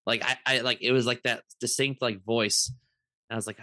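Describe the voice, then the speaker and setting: A man's voice: mid-range voice, a little fast, no room sound, studio quality. A man in his thirties, a podcast co-host, telling casual stories full of fillers and restarts. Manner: rambling, animated anecdotes with many fillers. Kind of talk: casual storytelling chat.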